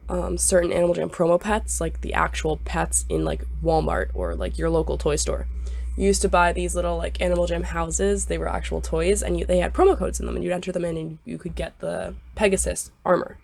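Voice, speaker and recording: A woman's voice: on the low side, vocal fry, a little mellow. A young woman with a stuffy, scratchy voice from a sinus illness, rambling through casual game commentary and hedging her claims. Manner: rambling, repetitive, hedging with "I believe". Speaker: gaming YouTuber. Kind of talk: casual screen-recorded commentary.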